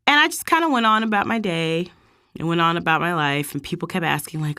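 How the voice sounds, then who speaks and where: Low-pitched female vlog host, chatty storyteller who acts out the people she quotes, dry recording. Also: brisk, vocal fry, clear, resonant tone, no echo. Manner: animated, quotes people in higher voices. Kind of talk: casual storytelling.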